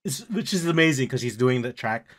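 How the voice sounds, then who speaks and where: A man hosting a music reaction video, talking in an excited, slangy way and calling people "dude" and "bro". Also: mid-range voice, brisk. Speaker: reaction channel host.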